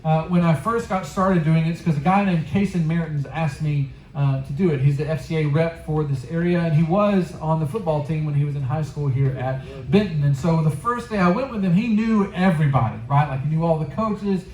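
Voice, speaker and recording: A man's voice: a little high, brisk, few pauses, darkish tone. A man giving a casual youth sermon, telling stories in an earnest, conversational way. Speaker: youth pastor. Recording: roomy echo.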